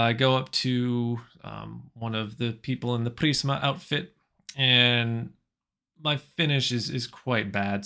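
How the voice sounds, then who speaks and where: A man's voice: mid-range voice, vocal fry, pushed and bright. An American man telling a comic story in a rambling way, stumbling and repeating words, with dry sarcasm. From United States.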